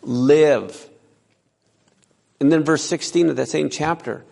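A man's voice: on the high side, steady tone, a little fast, creaky, darkish tone. A man preaching a sermon, reading scripture aloud and putting questions to his listeners. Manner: asks the audience questions and reads scripture aloud. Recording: long reverb in a hall.

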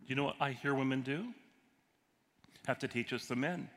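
A man's voice: mid-range voice, normal speed, fairly bright tone. A man who is a pastor and counselor, teaching a sermon in a conversational way and asking his audience questions. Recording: long hall reverb, faint noise.

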